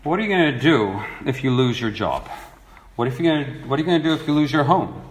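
A man's voice: mid-range voice, lively intonation, quick pace, slight background noise. A man preaching a sermon, reading scripture aloud and asking earnest rhetorical questions. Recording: echoey room.

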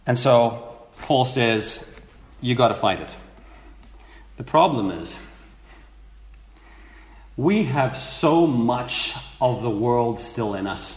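A man preaching a sermon in a slow, teaching manner, repeating phrases for emphasis. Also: medium pitch, animated, reverberant.

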